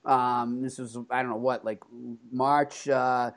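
A man co-hosting a podcast, telling animated stories about a hockey player with lots of laughter and restarts. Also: mid-range voice, takes it slowly, crowd noise. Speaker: podcast co-host, hockey reporter. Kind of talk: casual storytelling chat.

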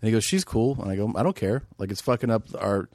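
A man's voice: lowish voice, fast, dry recording, studio quality. A middle-aged man, a comedian guest, talking casually in a rambling way and often restarting his sentences. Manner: relaxed, rambling, frequent restarts and "like". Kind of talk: casual chat.

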